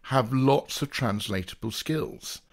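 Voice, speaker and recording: A man's voice: mid-range voice, slow. A man from the South Coast of England co-hosting a podcast in a casual, rambling, jokey way, wandering off into playful digressions. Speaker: podcast co-host.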